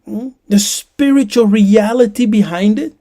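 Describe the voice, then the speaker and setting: Lady preaching real slow, soft mellow tone, keeps asking the listeners questions. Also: medium pitch. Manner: emphatic, asks listeners rhetorical questions. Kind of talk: sermon-like teaching.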